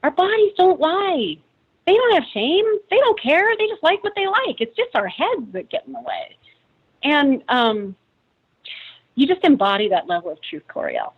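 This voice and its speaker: A woman's voice: high voice, very animated, normal speed, lo-fi sound. A woman calling in as a friend of the guest, speaking with emotion and pouring out praise. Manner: emotional, gushing, full of praise. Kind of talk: heartfelt testimonial.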